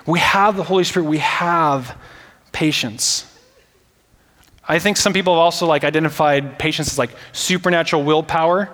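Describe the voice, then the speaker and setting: A man's voice: fairly high pitch, normal speed, a bit bright. A man in his thirties preaching a casual, joking sermon as pastor, full of fillers like "like" and "right?". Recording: hall reverb.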